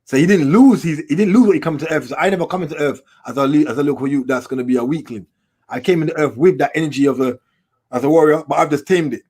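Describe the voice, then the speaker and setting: Fast-talking man telling stories. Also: a little high, slightly rough. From England. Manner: street slang, animated storyteller. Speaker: documentary filmmaker, guest. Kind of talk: casual storytelling interview.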